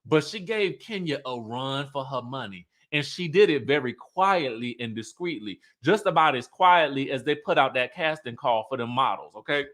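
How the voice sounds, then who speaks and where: A man's voice: mid-range voice, expressive, moderate pace, few pauses, fairly bright tone. A man recapping a reality show in a sassy, chatty way, full of asides and laughing at his own remarks. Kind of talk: casual show recap commentary.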